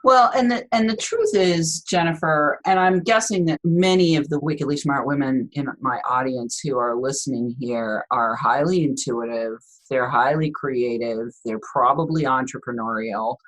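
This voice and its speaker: A woman's voice: extremely low pitch, normal speed, hardly any pauses, rough recording. A woman hosting a podcast, talking with enthusiasm and laughing as she speaks. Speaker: podcast host. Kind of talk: casual interview talk.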